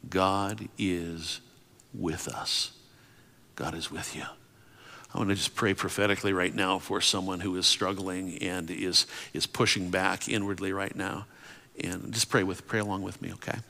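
A male pastor giving a sermon, moving from impassioned preaching to soft whispered prayer. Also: deep voice, creaky. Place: church sanctuary. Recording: long reverb of a large hall.

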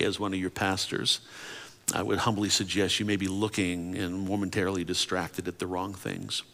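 A male pastor giving a sermon, moving from impassioned preaching to soft whispered prayer. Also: on the low side. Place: church sanctuary. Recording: long reverb of a large hall.

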